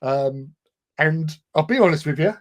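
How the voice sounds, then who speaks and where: A man's voice: on the high side, measured pace. English man telling a rambling story. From England. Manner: rambling, self-deprecating, laughs often. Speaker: livestream co-host. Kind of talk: casual storytelling chat.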